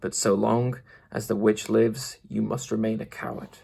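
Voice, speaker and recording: A man voicing a menacing wizard in the shape of a beast, speaking low and growling. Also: flat delivery, moderate pace, vocal fry, dark tone, breathy edge, heavily acted.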